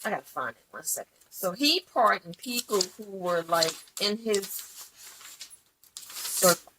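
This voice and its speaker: A woman co-hosting a podcast in casual chat, talking bluntly and profanely with animated storytelling. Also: medium pitch, measured pace, background noise. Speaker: podcast co-host.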